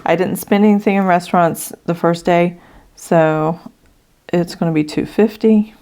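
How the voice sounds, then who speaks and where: A middle-aged woman running a budgeting channel thinks aloud with fillers as she adds up figures in a casual walkthrough, slightly out of breath from allergies. Her voice is fairly low and dark, at a measured pace.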